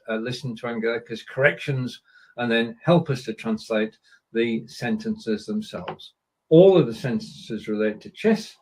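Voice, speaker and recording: A man's voice: medium pitch, husky, low-quality recording. A man hosting a casual chat show, chatty and a little hesitant as he tries out German sentences. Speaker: podcast host. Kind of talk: casual chat, language lesson.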